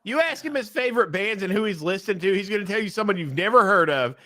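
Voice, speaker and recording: A man co-hosting a casual sports podcast, talking loud, swearing and acting outraged in jest. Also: sits high, animated, fast. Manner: loud, profane, mock-outraged. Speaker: podcast co-host.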